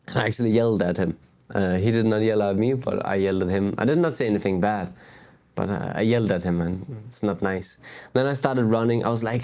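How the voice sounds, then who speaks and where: A man's voice: lowish voice, fairly quick, clear, resonant tone. Candid man musing outdoors. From Denmark. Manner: candid, animated, swears and laughs at himself. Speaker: spiritual vlogger. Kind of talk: casual spiritual talk to camera. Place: outdoors on a beach.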